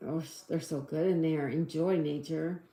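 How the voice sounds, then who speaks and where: A woman's voice: sits low, steady tone, moderate pace, dark tone, echoey room. A middle-aged woman hosting a casual livestream, chatting, giggling and reading out viewers' comments. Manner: chatty, giggly, reads out chat messages. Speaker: livestream host.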